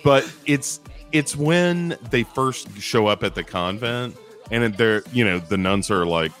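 A man with a fairly low voice picks apart a movie in relaxed podcast talk. He stumbles and restarts, then jumps up in pitch to hammer a point. Soft music hums underneath. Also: measured pace. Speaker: podcast co-host. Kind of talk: casual movie review chat.

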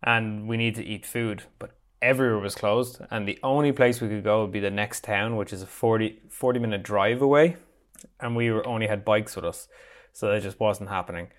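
A man's voice: on the low side, brisk. Irish-based man in casual banter. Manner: joking, banters, puts on silly foreign voices. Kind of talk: casual chat among friends.

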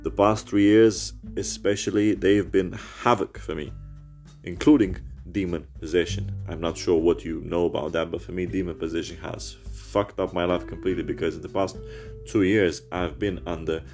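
Gravelly deep-voiced man ranting. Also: flat delivery, moderate pace, a little mellow, faint music behind. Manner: bitter, rambling, swears heavily. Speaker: podcaster. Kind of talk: personal rant. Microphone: phone.

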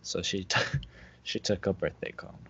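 Low-voiced man in casual chat. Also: level tone, moderate pace, pushed and bright, breathy edge. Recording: dull lo-fi recording.

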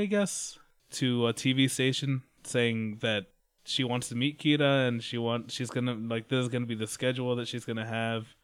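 A man's voice: mid-range voice, clean tone. A man casually recapping a story, rambling, swearing and laughing along. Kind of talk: casual chat.

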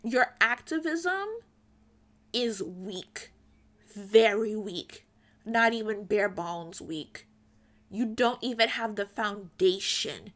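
A woman's voice: mid-range voice, a bit bright. A young woman giving an earnest, pointed opinion commentary straight to her viewers. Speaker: commentary vlogger.

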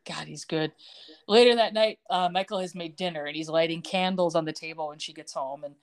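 A woman co-hosting a podcast, casually recapping a television episode and acting out the characters' lines with laughs. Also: brisk. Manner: acts out characters' lines with shifting pitch, laughs often. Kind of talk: casual chat, animated plot retelling.

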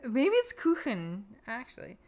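A woman's voice: fairly high pitch, huge pitch swings, unhurried, darkish tone. A young woman co-hosting a podcast in casual chat, laughing often and poking fun at herself. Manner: giggly, self-deprecating, laughs often. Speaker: podcast co-host.

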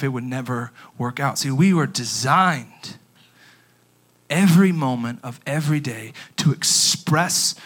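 A young male youth pastor delivers a sermon with lots of energy. His voice sits high and bright. He slows down for emphasis and swings between hushed and booming. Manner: animated preaching, swinging from soft to loud with emphatic pauses.

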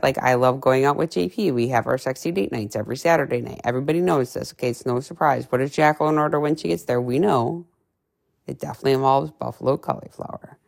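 A woman's voice: a bass voice, creaky. A woman nutrition coach talking casually and bluntly, cursing freely and acting out little scenes. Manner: brash, profane, animated storytelling with playful voices. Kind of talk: casual podcast monologue.

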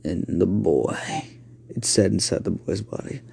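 A man voicing a vengeful male demon in an amateur spoken story, hissing slow, menacing threats in a gravelly whisper. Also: low voice, warm tone, voice pushed down, full character voice. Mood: taunting.

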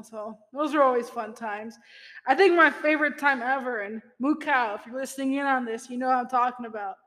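In a casual storytelling monologue, a young woman who hosts a podcast chats away, laughing a lot and using plenty of fillers. Her voice sits high and a bit bright, trailing a long reverb tail.

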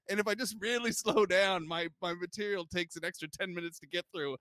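Bright, high-voiced male podcast host. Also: a little fast, few pauses, no echo. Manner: laid-back, joking storytelling. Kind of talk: casual podcast chat.

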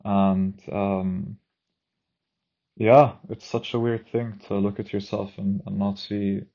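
A man talking through his feelings in a reflective personal monologue, soft-spoken and searching, full of "you know" and "like". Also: lowish voice, little pitch movement, takes it slowly, muffled recording.

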